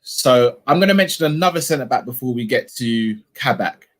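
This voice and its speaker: Man, host, casual live-stream chat, reads viewer comments, asks pointed questions, mid-pitched voice. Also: lively intonation, moderate pace. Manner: leads discussion with probing questions.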